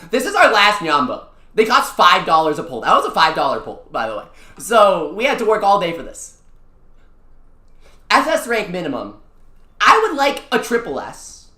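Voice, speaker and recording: Excitable young-adult streamer, bright and bouncy pitch, roomy echoey sound; slangy live-stream chat. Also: moderate pace. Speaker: VTuber streamer. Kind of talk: casual live-stream chat over a mobile gacha game. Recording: echoey room.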